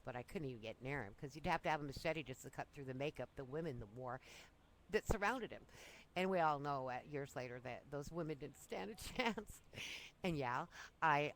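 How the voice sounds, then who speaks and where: A woman's voice: low-pitched, fairly bright tone, slight background noise, rough recording. A woman casually telling breezy, self-amused stories from her younger years. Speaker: storyteller. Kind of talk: casual personal storytelling.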